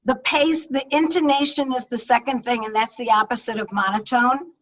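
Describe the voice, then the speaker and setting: Energetic woman coaching over a video call. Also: a little high, moderate pace. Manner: energetic, emphatic, conversational. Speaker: speaking coach. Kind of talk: webinar talk on public speaking. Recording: distant-sounding video call audio.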